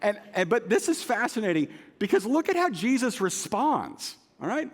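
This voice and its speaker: Man, pastor, sermon, middle-aged, animated storyteller, swooping pitch, long hall reverb. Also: normal speed. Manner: animated storytelling with self-deprecating humor. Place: large church auditorium.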